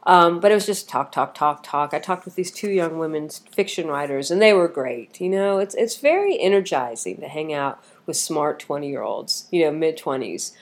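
Woman, middle-aged, deep-toned, chatty, rambling, tired, casual talk. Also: animated, normal speed, hardly any pauses. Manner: chatty and rambling, with many ums and restarts. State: tired with a cough. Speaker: vlogger. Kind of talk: casual chat.

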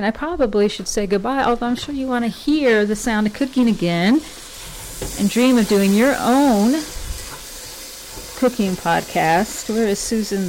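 A woman's voice: lowish voice, darkish tone, a little hiss or hum. A woman hosting a casual home podcast, chatty and self-deprecating, rambling and wandering off topic as she goes. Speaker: podcast host. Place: home kitchen.

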